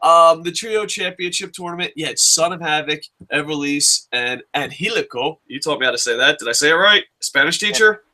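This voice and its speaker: Bright-voiced excitable man. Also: on the high side, a little fast, hardly any pauses. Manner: excitable, profane, jokey, shouts in bits. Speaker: wrestling review host. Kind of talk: casual podcast chat.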